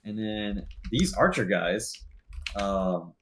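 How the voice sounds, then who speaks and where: A man runs a tabletop game as game master, his voice swinging widely in pitch as he narrates. He sits a little low in tone, rambles through fillers and laughs, and a faint hiss of noise sits behind him. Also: slow. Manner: loose, excitable narration full of fillers and laughs.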